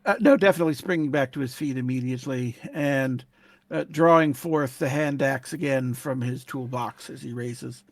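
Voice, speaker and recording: A man playing a tabletop role-playing game, steady, often murmuring quiet affirmations. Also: mid-range voice, moderate pace, no room sound. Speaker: player.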